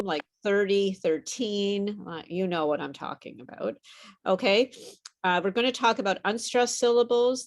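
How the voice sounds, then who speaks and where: Woman, pronunciation teacher, encouraging, talks it through with fillers, middle pitch. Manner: encouraging, explains patiently with many fillers. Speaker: English pronunciation tutor. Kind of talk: online pronunciation lesson.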